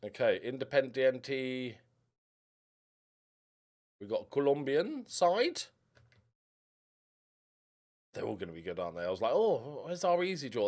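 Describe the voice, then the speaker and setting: A man's voice: mid-range voice, normal speed, pauses often. A young man commentating casually over a football management game, rambling and muttering to himself. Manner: rambling, mutters to himself, lively ups and downs. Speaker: gaming YouTuber.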